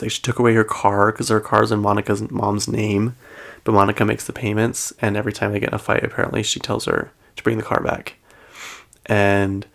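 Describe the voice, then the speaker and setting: A man with a low, gravelly voice hosts a pop culture show, recapping celebrity and reality TV gossip. He's loose and chatty, leaning heavily on "like" and "um" and laughing between sentences.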